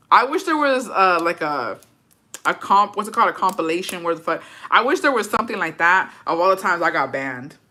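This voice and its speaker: Young woman streamer, crisp bright tone, cussing, gossipy, slips into spanish. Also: on the low side. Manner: profane, gossipy, mixes in Spanish words. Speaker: livestream host. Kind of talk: casual livestream chat reading comments.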